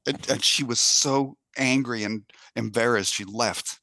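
A man's voice: medium pitch, a little slow, bright, forceful tone, no echo. Rambling male podcast storyteller, dry mic. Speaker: podcast co-host. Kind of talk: casual comedic chat.

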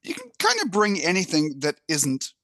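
A man's voice: on the high side, huge pitch swings, moderate pace, fairly bright tone, no echo. A man co-hosting a casual comedic podcast, telling rambling stories and laughing as he goes. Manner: rambling storyteller, laughs mid-story. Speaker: podcast co-host.

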